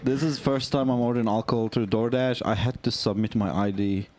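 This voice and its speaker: A man's voice: mid-range voice, fairly even intonation, brisk, a little mellow. A man, a podcast co-host, joking in casual banter.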